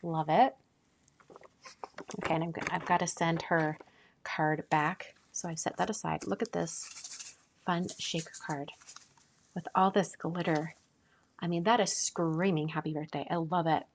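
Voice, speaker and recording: A woman hosting a casual live stream, chatting and gushing as she opens mail, often dropping to a soft whisper. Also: on the low side. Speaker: card-making channel host.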